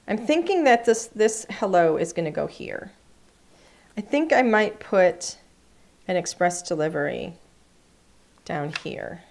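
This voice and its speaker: A woman hosting a live craft class, chatting enthusiastically and thinking aloud as she works. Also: mid-range voice. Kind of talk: live-streamed craft demonstration. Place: craft studio.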